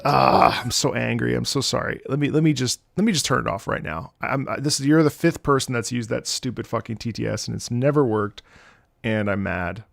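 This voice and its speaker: A man streaming live, excitably reacting to music, reading chat and swearing often. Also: mid-range voice, a little fast, creaky, dry recording, studio quality.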